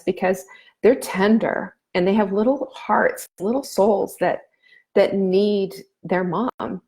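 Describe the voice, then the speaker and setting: A woman's voice: mid-range voice, a little mellow. A middle-aged woman hosting a casual live stream, giving earnest, motherly advice with frequent fillers. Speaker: nutrition coach host.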